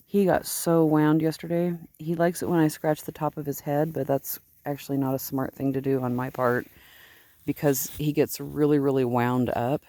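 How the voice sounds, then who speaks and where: On an outdoor farm vlog, a woman sheep farmer and video host rambles casually in a deep, warm, steady voice at normal speed. She's chatty and fond, baby-talking to her sheep, and the recording has no echo.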